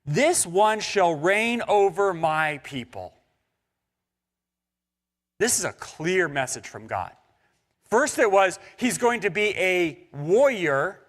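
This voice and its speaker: A male pastor preaches with a bright, lifted voice that swings widely up and down. He slips in and out of playful voices for biblical characters. The sound carries a long reverb from a church hall. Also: sits high, slow, long pauses. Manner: animated, acting out biblical characters in casual voices. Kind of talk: sermon. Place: church sanctuary.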